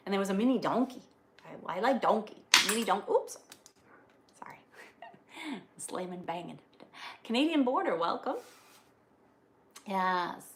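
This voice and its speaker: A woman's voice: medium pitch, expressive, unhurried, long pauses, slight background noise. A woman from the Northeast US, live-streaming and chatting casually with viewers, with frequent fillers and restarts. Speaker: livestreamer. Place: indoors on a farm, rainy day.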